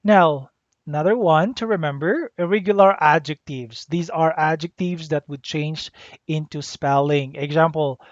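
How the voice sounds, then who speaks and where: A teacher giving a grammar lesson, deliberately spelling out letters and repeating the rules. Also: medium pitch, no room sound. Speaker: English teacher. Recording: dull lo-fi dry recording.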